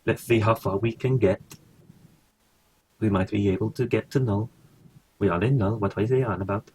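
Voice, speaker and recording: Male streamer, low husky voice, mutters and swears while playing. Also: normal speed, darkish tone. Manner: muttering, swears casually, thinks aloud. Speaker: gaming streamer. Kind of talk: casual gameplay commentary.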